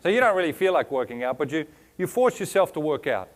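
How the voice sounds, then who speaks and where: A man's voice: medium pitch, sing-song, fast, few pauses. Man with an accent, punchy stage speech. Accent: foreign accent for the audience. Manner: punchy rhetorical questions, lists of words, playful teasing. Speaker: motivational speaker. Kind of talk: motivational keynote speech. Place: stage before a live audience.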